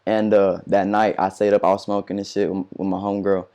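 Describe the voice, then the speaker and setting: A man's voice: on the low side, little pitch movement, a little fast, dark tone, smooth. A teenage man telling a story in a casual interview, slangy and profane, full of fillers and restarts. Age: teens. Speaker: interview guest, rapper.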